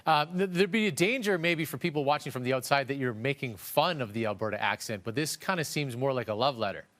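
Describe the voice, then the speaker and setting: A man's voice: medium pitch, animated, fast, fairly bright tone. A male TV news host doing a friendly, bantering morning interview.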